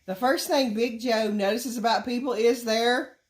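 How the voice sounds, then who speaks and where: A woman's voice: fairly high pitch, steady tone, normal speed. A middle-aged woman, co-hosting a family vlog in casual chat and laughing often. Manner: chatty, laughs often, Southern country talk.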